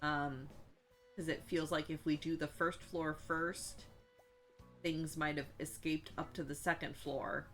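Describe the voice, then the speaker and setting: A woman's voice: low voice, flat delivery, measured pace, fairly bright tone, faint music behind. A woman casually recapping a tabletop role-playing session, rambling with many fillers and asides. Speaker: player recapping a tabletop game.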